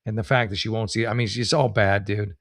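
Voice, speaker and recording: A man's voice: on the low side, steady tone, fairly quick, gravelly. Rambling, self-mocking male comedy host. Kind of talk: casual comedic commentary.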